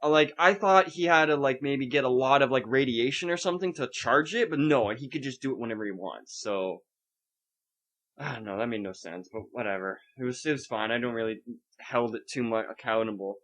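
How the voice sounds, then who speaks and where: A man's voice: medium pitch, fairly quick, a bit bright. A young man co-hosting a podcast in casual chat, ranting and swearing with sarcasm. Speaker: podcast co-host.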